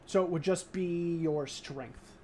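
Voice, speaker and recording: A man's voice: a little high, slow, a little mellow, slight background noise. A man running a tabletop game as game master, rambling through scene descriptions with many fillers and restarts.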